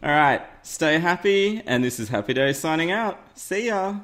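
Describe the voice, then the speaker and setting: A man's voice: a little high, lively intonation, normal speed, fairly bright tone. A man hosting a casual game tutorial, chatty and upbeat, often laughing at himself. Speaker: gaming YouTuber host. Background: faint game music.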